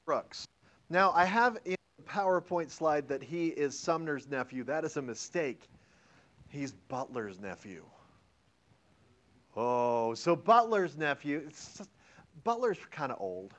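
A man teaches a history lesson in a classroom, his voice sitting a little high and swinging widely in pitch. He jokes with the students and keeps asking them questions as he explains. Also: muffled recording. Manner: animated, joking, and asks the class questions.

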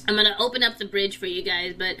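A woman's voice: mid-range voice, fast talker, bright, forceful tone, a little hiss or hum, lightly acted, low-quality recording. A woman voicing a friendly, goofy male goblin who rambles and fumbles through his lines. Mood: cheerful. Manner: rambling, chatty, fumbling with note cards.

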